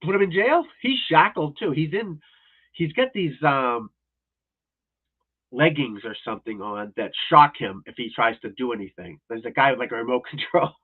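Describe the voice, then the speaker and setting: A man's voice: mid-range voice, animated, normal speed, slightly rough. A man hosting a livestream as a golf instructor, in a casual, rambling, blunt and profane rant. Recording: tinny phone-like audio.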